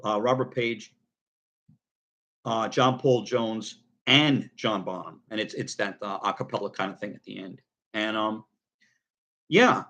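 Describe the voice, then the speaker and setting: A middle-aged man talks casually to his viewers about a record he loves. His voice sits at an ordinary middle pitch. He rambles, restarts his sentences and fills pauses with ums. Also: fairly bright tone. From United States. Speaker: record collector vlogger.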